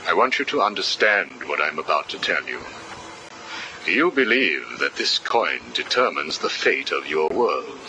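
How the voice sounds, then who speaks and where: Game villain: icy psychiatrist, low voice, clear hiss on the audio tape. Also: male voice, full character voice. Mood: probing. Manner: calm, probing, deliberate. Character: cold, calculating male psychiatrist villain. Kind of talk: video game voice acting.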